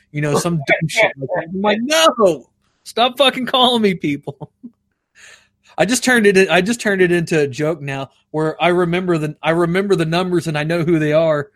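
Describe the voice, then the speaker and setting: A man with a somewhat high voice chats casually to his stream, recorded dry and close. He rambles and swears, laughing at his own stories and acting out phone calls in raised voices. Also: dry recording. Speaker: streamer reading chat. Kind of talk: casual livestream chat.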